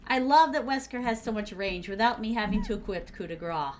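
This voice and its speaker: A young Southern woman from the United States streams a game and comments live, teasing playfully and calling viewers pet names. Her medium-pitched voice is lively and a little fast, with few pauses and slight background noise.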